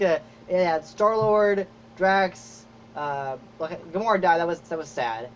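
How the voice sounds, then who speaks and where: A man hosting a podcast, chatting casually and excitedly, rambling with lots of fillers and acted-out reactions. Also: high voice, unhurried, hardly any pauses. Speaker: podcast host. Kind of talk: casual chat. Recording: dull lo-fi audio with faint noise.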